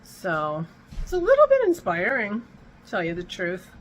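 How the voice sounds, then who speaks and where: A woman's voice: medium pitch, wildly swooping pitch, moderate pace, slight background noise, poor audio. A woman hosting a casual home vlog, chatting in a rambling way and breaking off mid-thought, with hiccups. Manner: rambling, chatty, self-interrupting. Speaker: vlog host.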